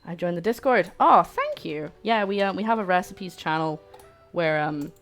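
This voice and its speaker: British woman, lowish voice, chatty live-stream cook, self-mocking, faint music behind. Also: big pitch swings, normal speed. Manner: chatty, self-mocking, talks to chat while cooking. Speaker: cooking livestream host. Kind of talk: casual live cooking chat.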